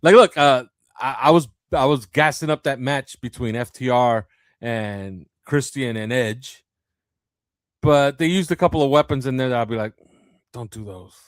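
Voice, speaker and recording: A man co-hosting a casual sports podcast, talking in an animated way, laughing and acting out quotes. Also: medium pitch, moderate pace, smooth, no echo, clean studio sound. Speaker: podcast co-host.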